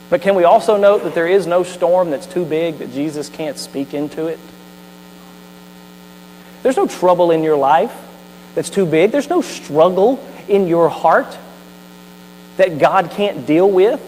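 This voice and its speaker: A man's voice: fairly high pitch, lively intonation, measured pace, long pauses, darkish tone. A man preaching a sermon as a pastor, telling the story animatedly with asides. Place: church sanctuary. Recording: hall reverb with faint mains hum.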